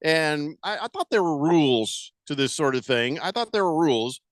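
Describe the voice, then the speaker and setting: An animated man talks sports on the radio in a casual, joking way, and his pitch swings widely as he plays up his points. He sits a little above the usual male range. The sound is close and dry, with no room around it. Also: moderate pace, no room sound. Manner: joking, animated, playful exaggeration.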